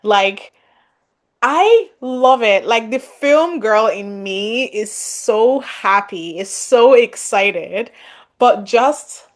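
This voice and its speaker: A woman co-hosting a book podcast, chatting casually with enthusiastic bursts and frequent swearing. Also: fairly high pitch. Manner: enthusiastic, swears freely, fast bursts of excitement. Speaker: podcast co-host. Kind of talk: casual chat.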